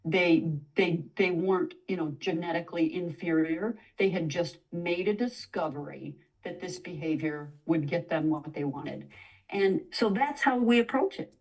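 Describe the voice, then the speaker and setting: A woman's voice: lowish voice, moderate pace, recorded from a distance, rough recording. A woman dog trainer, a guest in a conversational interview, explaining at length and now and then acting out what a dog might say. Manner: explanatory, acts out dog voices in quotes.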